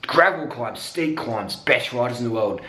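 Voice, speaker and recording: Aussie bloke ranting about cycling, swears every other word, blunt and worked up, echoey room. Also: male voice, medium pitch, moderate pace. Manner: profane, blunt, excitable. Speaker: cycling vlogger. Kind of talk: casual ranting vlog.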